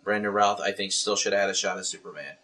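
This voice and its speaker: A man's voice: lowish voice, pushed and bright. A man hosting a casual movie chat, eager and defensive about comic book details. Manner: eager, defensive comics fan, quick to argue. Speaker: podcast host.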